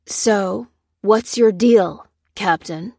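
A woman's voice: mid-range voice, drawn-out words, gravelly, darkish tone, dry recording, exaggerated voice. A woman voicing a sarcastic young female soldier who trades dry, mocking quips.

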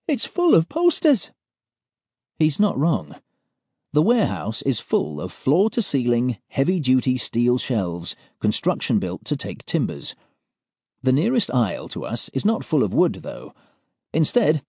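Wry man narrating, mellow and lively. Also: mid-range voice, husky, no echo, studio quality. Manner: wry, deadpan delivery. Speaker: audiobook narrator. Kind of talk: scripted first-person narration.

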